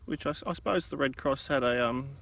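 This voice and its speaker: A man's voice: medium pitch, fast talker, creaky, a bit bright, distant mic. An Australian man out metal detecting outdoors, replying briefly and easily in casual chat. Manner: easygoing, brief replies. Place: dry field outdoors.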